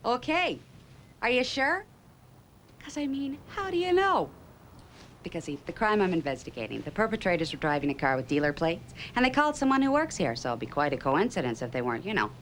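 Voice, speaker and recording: An actress playing a pregnant small-town police chief with a Minnesotan accent, folksy and politely firm. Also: female voice, on the low side, sing-song, fairly quick, a little hiss or hum. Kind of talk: film dialogue.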